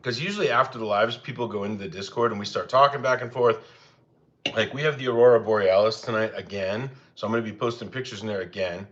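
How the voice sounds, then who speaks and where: Speaking fast with a slightly bright voice, a chatty young man on a cooking livestream rambles casually to his viewers. He's easygoing and uses a higher voice when talking to his dogs. The lo-fi audio is slightly dull.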